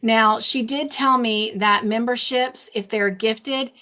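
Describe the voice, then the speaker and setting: A woman's voice: on the high side, fairly even intonation, slow, sharp tone. A woman hosting a craft livestream, chatting casually and rambling, repeating herself when nervous. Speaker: craft channel host.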